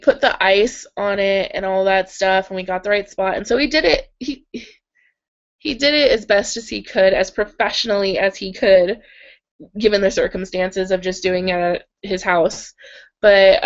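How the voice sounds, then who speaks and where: Young woman, casual live-stream host, giggly and chatty, slightly sore throat, dull webcam sound. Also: mid-range voice. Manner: chatty and giggly, many "like"s and little laughs. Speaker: livestream host reading viewer comments. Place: in bed at home.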